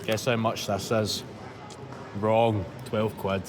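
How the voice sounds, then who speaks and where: A Scottish man with a lowish voice films a casual travel vlog, speaking slowly with flat delivery. He swears freely and addresses his viewers as boys and troops while out on busy city streets and in bars. The phone audio picks up loud crowd noise and music.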